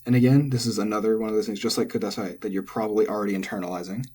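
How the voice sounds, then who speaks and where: Male language tutor, low husky voice, offhand self-correcting lecture. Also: racing. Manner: relaxed, thinking aloud, self-correcting. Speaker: language teacher. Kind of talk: casual lecture on pitch accent.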